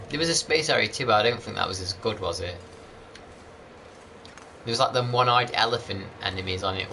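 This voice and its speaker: Rambling man with a forceful voice. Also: lowish voice, slight background noise. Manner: rambling, chatty, greets viewers by name. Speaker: gaming channel host. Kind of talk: casual gameplay commentary.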